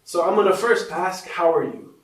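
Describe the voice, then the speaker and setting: A man's voice: high-pitched, moderate pace, voice pushed up, natural voice. A man playing a hard-of-hearing man who eagerly plans polite stock replies. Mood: eager planning. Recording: roomy, from a distance, faint noise.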